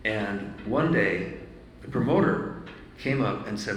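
Older male storyteller, lower voice, measured anecdote delivery, roomy echo with faint noise. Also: lively intonation. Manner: measured storyteller building to a punchline. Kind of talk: anecdote told in conversation.

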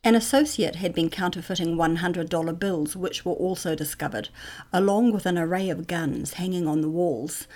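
A woman narrating a documentary podcast in a measured, matter-of-fact scripted read. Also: fairly low pitch, a little mellow.

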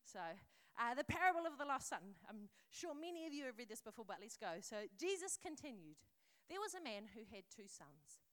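Woman preacher, kinda high voice, earnest and chatty, reads bible passages like a story. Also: big pitch swings, fairly quick, hardly any pauses, fairly bright tone. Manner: earnest, conversational, reads scripture aloud in a storytelling voice. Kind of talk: sermon with scripture reading.

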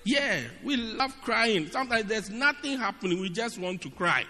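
A man preaching a sermon in an animated, humorous way, often asking his listeners if they get it. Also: high voice, a little slow. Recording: long reverb of a large hall.

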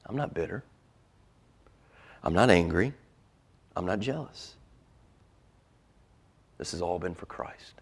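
Man doing a contented male prophet, earnest, very low voice, hushed. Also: lively intonation, measured pace, vocal fry, long pauses, husky, full character voice. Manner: earnest, drops to near-whispers. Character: a humble, contented male prophet speaking of Christ. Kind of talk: first-person sermon portrayal.

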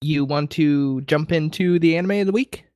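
A man's voice: a little high, moderate pace, clean tone, no room sound, clean studio sound. A man co-hosting a casual podcast, chatting loosely and laughing often. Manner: laughs often, animated delivery. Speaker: podcast co-host. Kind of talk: casual chat.

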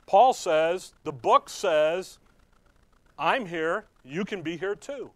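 A man delivers a sermon in a high, bright-edged voice, recorded dry and close. He talks to the congregation conversationally, then punches single words hard for emphasis and drifts into quick asides. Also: lively intonation, dry recording. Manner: conversational preaching with sudden loud emphasis and asides. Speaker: pastor.

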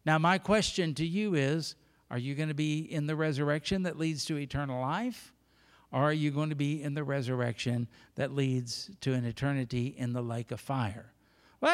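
An older male pastor preaching a sermon in a church, emphatic and pleading, often repeating key phrases. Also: fairly high pitch. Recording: long reverb of a church hall.

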